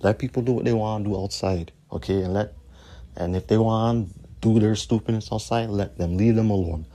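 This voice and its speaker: A man's voice: lowish voice, steady tone, a little fast, warm tone. A man hosting his own podcast, ranting in a combative, profane way and repeating his points. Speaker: podcast host.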